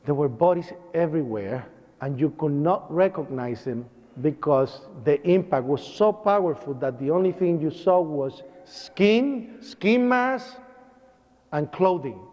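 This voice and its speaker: In a lecture hall, a man tells an audience a traumatic story he witnessed firsthand, dramatically acting out sounds and cries. His voice is on the high side, expressive, slightly slow and darkish in tone. The dull lo-fi recording carries long hall reverb.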